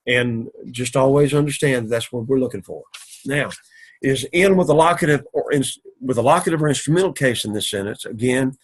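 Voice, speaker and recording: A man giving a recorded classroom lecture as a Greek teacher, explaining slowly and repeating points methodically. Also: mid-range voice.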